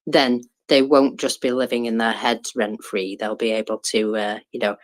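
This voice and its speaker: A woman co-hosting an online audio chat about war news, halting with fillers and restarts, with dry sarcasm. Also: rumbling low, fairly even intonation. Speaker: co-host commenting on war news. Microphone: Twitter Space audio.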